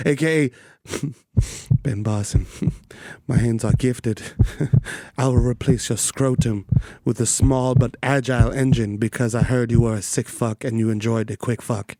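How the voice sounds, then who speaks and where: A man with a New York accent, a podcast co-host riffing rapid-fire boastful, profane aliases in casual comedic chat. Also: mid-range voice, steady tone, mellow, no room sound. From the Bronx, New York.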